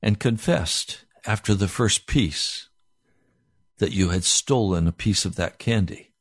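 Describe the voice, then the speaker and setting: A man voicing a stern mother who lectures her son in a measured, firm tone. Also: fairly low pitch, no room sound, studio quality.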